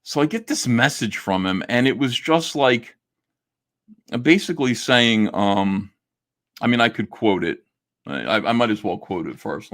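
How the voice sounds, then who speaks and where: A man's voice: on the low side, expressive, moderate pace, fairly bright tone. A middle-aged man, a comic artist and YouTuber, talking to camera in a casual monologue, blunt and indignant, swearing and stumbling over restarts.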